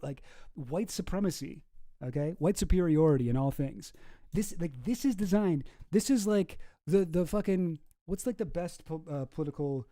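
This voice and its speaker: A man's voice: on the high side, mellow. A man from Canada, hosting a casual reaction commentary and ranting profanely with frequent restarts. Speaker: commentary host.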